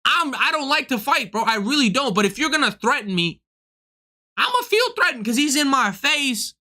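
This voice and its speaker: A man's voice: very high-pitched, moderate pace. A young man streaming, telling a story in a casual, profane, incredulous way and acting out both sides. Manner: animated, profane, incredulous retelling. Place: home streaming setup.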